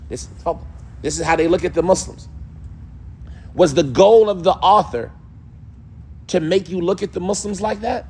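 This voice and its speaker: A man's voice: on the high side, normal speed, a little mellow, a little hiss or hum. A man teaching a class on a classical text, firing rhetorical questions at the group and answering them himself. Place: mosque hall.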